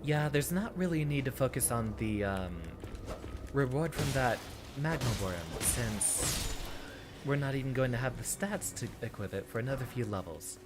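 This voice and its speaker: A man from Texas streaming a video game in a put-on teacher persona voice, thinking aloud in relaxed, chatty commentary. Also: medium pitch, normal speed, background noise. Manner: performs a put-on teacher persona voice rather than his real one. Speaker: VTuber streamer. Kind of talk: casual gameplay commentary. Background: game music.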